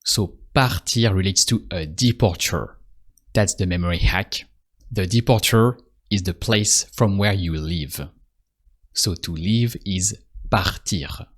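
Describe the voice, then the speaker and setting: A man teaching a language lesson, patient and repetitive, pausing so the learner can answer. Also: deep voice, slightly rough. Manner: slow, patient, repeats phrases and pauses for the learner. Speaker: French teacher. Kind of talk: calm spoken language lesson.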